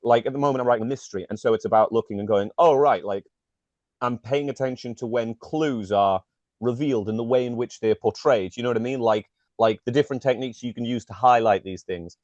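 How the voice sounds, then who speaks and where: A man, a guest talking quickly with lots of fillers. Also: mid-range voice, a little mellow, no echo, dull audio. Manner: quick, filler-heavy, uses "like" and "you know what I mean". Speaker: guest, magician and actor. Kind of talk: casual conversation.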